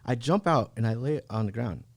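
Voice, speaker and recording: A man's voice: medium pitch, animated, fairly quick, creaky, husky. Laid-back man telling a story. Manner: laid-back, peppered with "bro" and "like". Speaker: podcast guest, real estate agent. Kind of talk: casual personal storytelling. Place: podcast studio.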